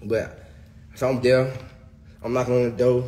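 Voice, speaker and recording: Man, casual livestream rant, profane, emphatic, says bro constantly, ordinary mid-pitched voice. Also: little pitch movement, normal speed, warm tone, a little hiss or hum.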